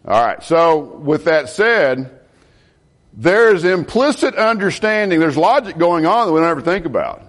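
A middle-aged man, a pastor preaching a sermon in an animated way and asking the congregation questions. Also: a little high, measured pace.

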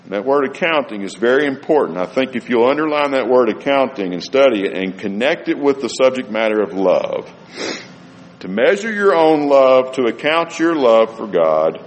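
A man preaching a sermon and reading scripture aloud with rising and falling emphasis. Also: mid-range voice. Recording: reverberant hall with faint ambience.

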